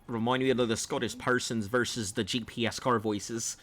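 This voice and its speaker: A male game streamer chats with his viewers in a put-on Australian accent. His voice is bright and forceful. He rambles along in a playful, loose way while he plays. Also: medium pitch, fairly even intonation, moderate pace. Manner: rambling, playful, talks to chat. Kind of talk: gameplay livestream chat.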